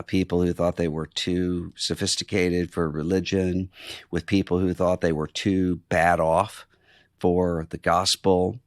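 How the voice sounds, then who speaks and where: A man hosting an interview podcast, speaking in a measured, earnest way and asking thoughtful questions. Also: low voice, a little mellow, no room sound, studio quality. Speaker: podcast host. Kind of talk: reflective interview conversation.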